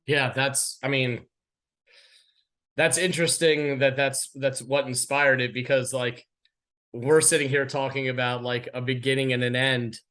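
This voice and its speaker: Brief: relaxed male co-host, agreeable, friendly sign-off, mid-pitched. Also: a little slow. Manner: easygoing, agreeable, wraps up the show. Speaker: co-host of a music reaction show. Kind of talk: casual chat.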